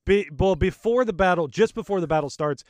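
A man co-hosting a podcast, recapping a video game scene by scene in a relaxed, rambling way. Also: sits high, normal speed, no room sound. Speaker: podcast co-host. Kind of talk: casual game discussion.

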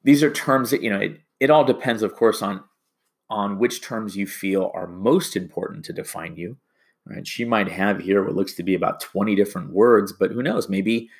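A man with a fairly low voice teaching a class. He rambles and stumbles over restarts as he walks through the lesson. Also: moderate pace. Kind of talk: classroom lecture.

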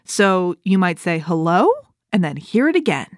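A woman's voice: lowish voice, very animated, moderate pace, slight background noise. A woman hosting a children's toothbrushing show, reading a cheerful, playful script and counting down for kids. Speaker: host.

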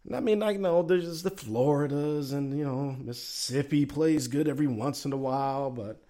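A man's voice: on the high side, moderate pace, warm tone. A man with a Southern accent hosting a casual sports talk show, musing aloud and reading chat messages in a folksy, drawling way.

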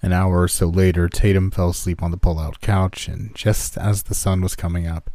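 Deep, mellow man narrating horror. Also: normal speed, dry recording. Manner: calm storytelling, lifts pitch for quoted characters.

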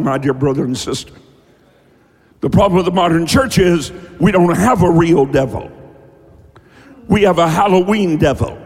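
A man preaching a sermon, emphatic and folksy, often breaking into shouts. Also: a little high, big-room sound. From rural American South. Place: church.

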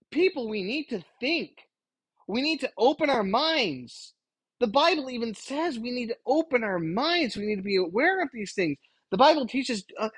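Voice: mid-range voice, slightly rough, no room sound, poor audio. A podcast host delivering a preachy solo rant, exasperated and emphatic, lecturing the listeners.

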